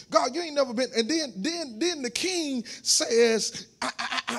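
A man preaching a sermon in a church, repeating his words as he goes and swelling into shouted preaching. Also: very high-pitched, animated, a little fast, few pauses, husky. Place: church sanctuary.

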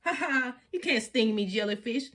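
A woman voicing an eager, curious little girl puppy from a storybook, reading her lines with bouncy excitement. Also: fairly high pitch, moderate pace, a little hiss or hum. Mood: excited.

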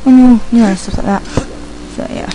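A woman giving rambling casual commentary while playing a video game, chatting to her dog and reacting out loud. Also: on the high side, moderate pace, low-quality recording. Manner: excitable, yelps and squeals at the game. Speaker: let's play gamer.

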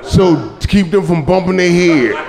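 Gravelly stand-up comic on a live stage. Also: male voice, high voice, moderate pace, big-room sound, crowd noise. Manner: storytelling, loud punchlines, profane. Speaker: stand-up comedian. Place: comedy club stage with audience laughter. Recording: live club recording with audience noise.

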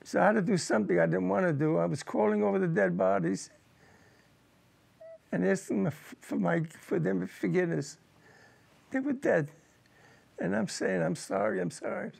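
Gravelly older veteran recalling war. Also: male voice, high-pitched, darkish tone. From United States. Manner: emotional, halting recollection with repeated words. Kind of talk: personal war testimony.

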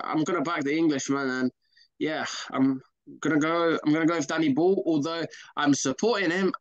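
A man with a mid-pitched voice chats casually about upcoming fights, rambling and circling back to repeat his picks. His voice sounds a bit muffled and is recorded dry, with no room sound. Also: no room sound. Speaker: boxing pundit co-host. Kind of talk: casual fight predictions chat.

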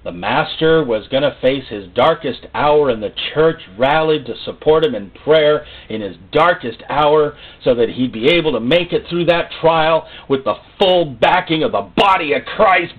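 A man preaching a sermon in a folksy, joking way, acting out little voices and rising suddenly to loud, high outbursts. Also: expressive, normal speed, hardly any pauses, slightly rough. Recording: tinny phone-like sound.

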